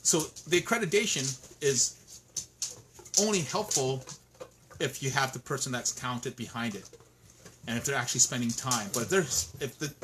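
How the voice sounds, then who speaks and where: A man's voice: mid-range voice, background noise. A man, a dog trainer, talking in an interview, frustrated and indignant, with frequent restarts and repeated words. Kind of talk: emphatic interview talk.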